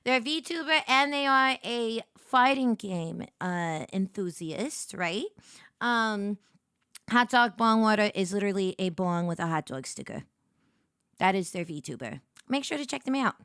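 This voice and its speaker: A woman's voice: medium pitch, animated, unhurried, fairly bright tone, smooth, dry recording, clean studio sound. A woman hosting a casual reaction stream, giggly and playful as she chats. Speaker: streamer host.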